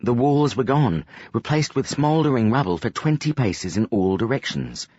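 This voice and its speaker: A man narrating an audiobook in a scripted, expressive and dramatic storytelling style. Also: medium pitch, normal speed, no echo, lo-fi sound.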